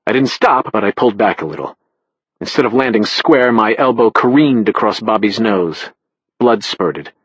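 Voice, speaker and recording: A male narrator reads a first-person thriller in a measured, matter-of-fact manner. His low voice is husky and a little breathy. The recording is dry and slightly dull. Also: animated, no room sound. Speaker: audiobook narrator.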